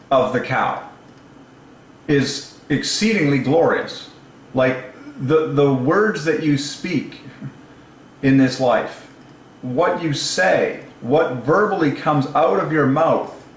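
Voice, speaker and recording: A man hosting his own channel, talking alone in a casual, excited way, musing aloud and laughing to himself, recorded on a lapel mic. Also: medium pitch, echoey room, a little hiss or hum, low-quality recording. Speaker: religious channel host. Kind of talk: solo casual commentary.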